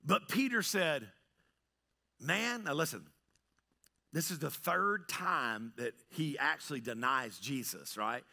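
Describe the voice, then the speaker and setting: Animated preacher with a gravelly edge. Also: male voice, on the high side, slow. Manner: dramatic storytelling, swinging from loud to hushed; keeps asking "right?". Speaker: pastor. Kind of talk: sermon. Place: church sanctuary.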